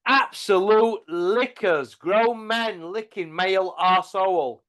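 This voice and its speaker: A man's voice: sits high, slow pace, fairly bright tone. A man, blunt and mocking, chatting casually about boxing as a podcast host.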